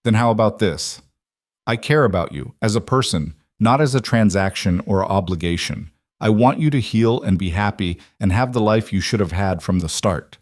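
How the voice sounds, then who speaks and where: A man voicing a steady, protective husband who speaks calmly and reassuringly. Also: on the low side, normal speed, dry recording, clean studio sound, lightly acted. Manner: calm, reassuring.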